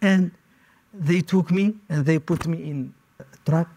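Male interviewee with a raised pitch, recounting his past in short, halting phrases. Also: warm tone. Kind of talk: personal testimony.

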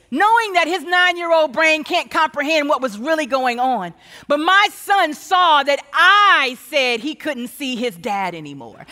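Woman speaker, high and bright, storytelling sermon, long hall reverb. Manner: storytelling, acts out quoted exchanges. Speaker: guest speaker.

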